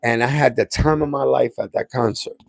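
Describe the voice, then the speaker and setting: A man from Puerto Rico hosts his own livestream and tells family stories in a casual, rambling way, with slang and restarts. His voice sits at an ordinary middle pitch. It is recorded dry and close, with no room sound around it. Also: fairly quick, gravelly, no echo. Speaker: livestream host.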